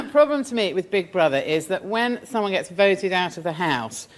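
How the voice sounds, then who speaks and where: A woman delivering an unhurried, deadpan comedy routine on a panel show. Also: mid-range voice. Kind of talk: slow deadpan stand-up. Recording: noisy studio recording.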